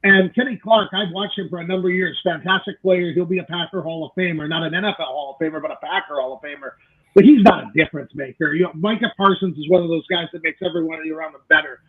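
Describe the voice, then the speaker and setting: A man's voice: fairly high pitch, fast, slightly rough. A man co-hosting a casual sports debate, opinionated and often restarting his sentences. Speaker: co-host. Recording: tinny phone-like line.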